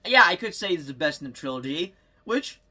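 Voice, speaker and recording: A young man vlogging at home into his phone, rambling excitedly about movies with frequent laughs. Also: a little high, a little fast, husky. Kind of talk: casual movie vlog chat.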